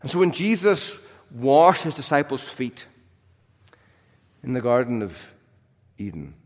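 A male preacher delivering a sermon in a big hall whose long reverb trails after each phrase. He leans hard into key lines, then drops to a near hush. His voice sits at an ordinary male pitch. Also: very animated, unhurried. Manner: dynamic, swings from loud emphasis to soft hushed drops.

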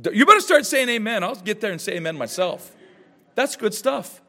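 A man preaching a sermon as pastor, with emphatic rhetorical questions and quick asides. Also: sits high, very animated, pushed and bright, in a large hall.

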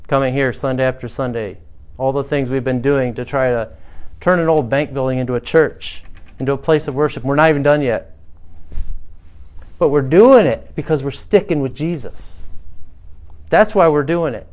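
In a small church housed in a former bank building, a male pastor delivers a conversational sermon to his congregation, building to emphatic passages. His mid-range voice is a little mellow and moves at a moderate pace.

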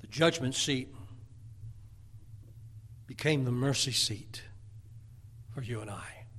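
A man preaching a sermon, reading scripture verses aloud and swinging from loud, emphatic passages to hushed, almost whispered ones. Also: mid-range voice, slow pace, long pauses.

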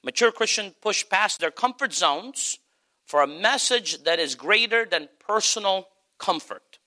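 A man's voice: high-pitched, expressive, measured pace, pushed and bright. A middle-aged male pastor preaching a sermon, stressing points with emphatic repetition.

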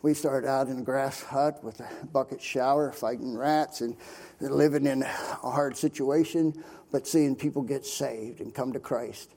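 Older guy preaching his story, gravelly and mellow, folksy with lots of "you know". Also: mid-range voice, steady tone, measured pace. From Pennsylvania. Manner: folksy storytelling with many fillers. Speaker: missionary preacher. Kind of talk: sermon testimony.

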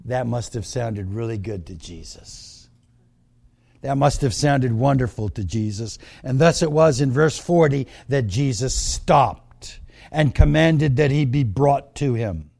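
A man preaching a sermon, swinging from quiet asides to shouted cries. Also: a little high, vocal fry. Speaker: pastor.

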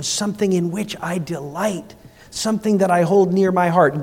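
Male pastor, high voice, sermon delivery with soft lows and emphatic climbs, long hall reverb. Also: normal speed. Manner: swings between soft, low passages and rising, emphatic appeals.

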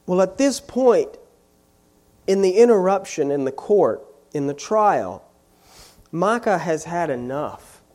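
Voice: mid-range voice, big pitch swings, slow pace, darkish tone. A pastor preaching a sermon in an emphatic style, hammering key phrases again and again and building force on each repeat.

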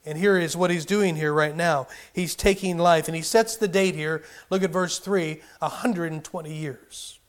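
A man's voice: a little high, moderate pace, hardly any pauses. A man preaching a sermon as pastor, earnest, pressing his points with rising emphasis and many restarts.

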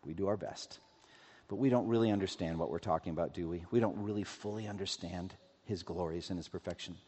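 Pastor, male, low-voiced, earnest sermon delivery with long church reverb. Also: husky. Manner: earnest, swells loud on scripture then drops to hushed appeals. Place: church sanctuary.

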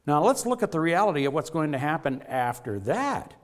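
A brisk, very animated pastor addresses his congregation in an emphatic, earnest sermon. Wide shifts in pitch and volume mark the points he wants to stress.

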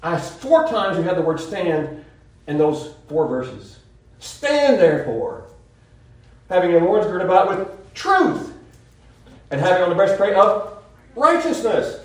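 A man preaching a sermon in an earnest, rambling way, often restarting his sentences. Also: high-pitched. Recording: very echoey room, voice from far off mic.

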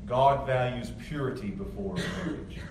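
During a sermon in a church sanctuary, a male pastor speaks to the congregation emphatically and conversationally, frequently starting over. His medium-pitched voice is a little slow and a little mellow, carrying a bit of hiss or hum. He sounds far from the mic in an echoey room with faint ambience.

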